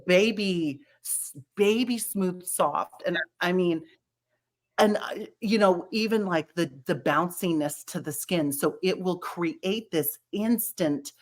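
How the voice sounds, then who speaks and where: Animated woman pitching skincare, lowish voice. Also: slow pace. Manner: animated, laughs often, many restarts and fillers. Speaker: brand representative. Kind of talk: casual product chat.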